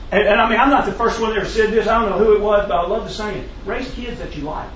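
A man's voice: high-pitched, fairly bright tone, slight background noise. A man preaching a conversational sermon, earnest and given to restarting his phrases. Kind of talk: sermon on parenting. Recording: roomy, distant, dull sound.

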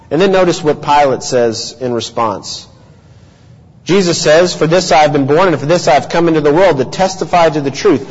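A man's voice: on the high side, husky. A man preaching a sermon, teaching earnestly and asking rhetorical questions. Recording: dull lo-fi audio with long hall reverb.

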